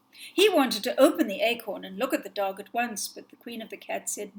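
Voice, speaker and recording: A woman telling a fairy tale from memory, in a gentle, expressive way that sometimes drops to a whisper. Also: medium pitch, fairly quick, vocal fry, rough recording. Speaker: storyteller.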